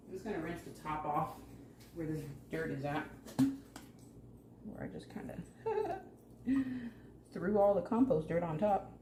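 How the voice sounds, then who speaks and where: A woman's voice: low-pitched, measured pace, long pauses. A woman hosting a casual home plant-care vlog, chatty and jokey, talking to her plants as she works. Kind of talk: casual hands-on vlog chat. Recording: echoey room with faint hum.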